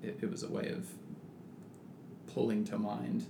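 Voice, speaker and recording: A man's voice: on the low side, level tone, measured pace, gravelly. A man in casual religious discussion who talks thoughtfully with many restarts and reads scripture aloud. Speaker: podcast co-host. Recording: echoey room with background noise.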